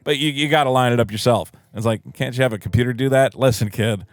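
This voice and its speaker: A young man in casual podcast chat, animated, acting out characters in quick put-on voices. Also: mid-range voice, smooth, dry recording. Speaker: podcast co-host.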